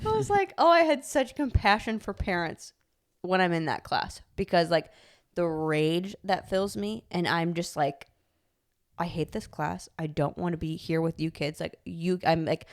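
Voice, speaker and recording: A young woman with a slightly low voice co-hosts a casual podcast. She tells her stories in an animated, rambling way, scattering fillers and laughs as she goes. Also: clean tone. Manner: animated storytelling with many likes and laughs. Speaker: podcast co-host. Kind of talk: casual chat.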